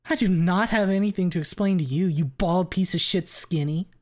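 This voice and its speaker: A man's voice: normal speed, close to an everyday voice. A man doing a shrieking furious tailed woman. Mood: shouting. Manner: shrieking, high and strained. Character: furious shrill young woman with a tail.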